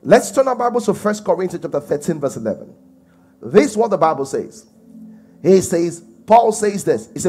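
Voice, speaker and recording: Pastor guy preaching, lively swooping voice, bit high, soft music behind. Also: normal speed, husky. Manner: emphatic preaching with rhetorical questions. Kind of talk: sermon.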